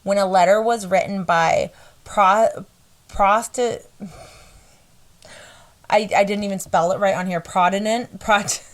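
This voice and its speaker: A woman's voice: medium pitch, fairly even intonation, a little slow, long pauses. A woman hosting a podcast in casual chat, chatty and stumbling over words at times. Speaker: podcast host.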